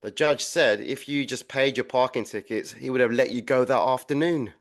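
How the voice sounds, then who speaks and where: A man voicing a dim, grumbling trooper who says whatever comes to mind. His voice is mid-pitched and plain, delivered flatly and bluntly. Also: normal speed, natural voice. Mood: grumpy. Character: dim, grumpy male soldier bunkmate. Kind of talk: audio comedy acting.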